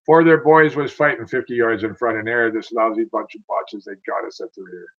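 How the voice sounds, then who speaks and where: A man's voice: mid-range voice, fairly even intonation, a little fast, a bit bright, dull audio, close to an everyday voice. A man reading verse aloud as a wounded male soldier telling his war story, in a rhythmic recitation. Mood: grim.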